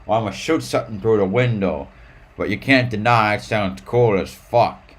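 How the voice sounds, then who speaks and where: A man doing an impression of a gruff veteran stock car driver, speaking in a slow drawl. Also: on the low side, lightly acted. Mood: boastful.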